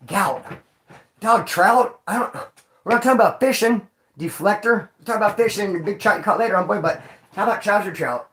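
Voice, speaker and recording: A man from Bakersfield, California telling rowdy stories in casual street slang to his viewers, cursing and sometimes yelling. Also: sits high, quick pace. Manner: profane, animated street slang, bursts of yelling. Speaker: vlogger. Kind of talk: casual storytelling to a live chat. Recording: echoey room.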